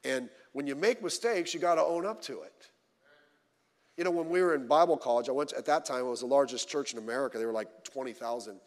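A male pastor preaching a sermon, swinging between loud emphatic lines and low quiet asides, telling stories with humor. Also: fast, big-room sound. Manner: informal storytelling with humor. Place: church.

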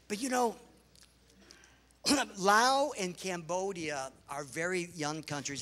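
High, gravelly-voiced American preacher man. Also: moderate pace. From United States. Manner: lively anecdotal storytelling with laughter and exclamations. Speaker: pastor and missionary. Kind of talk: sermon storytelling with slides. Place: large church hall before a congregation. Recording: reverberant church hall.

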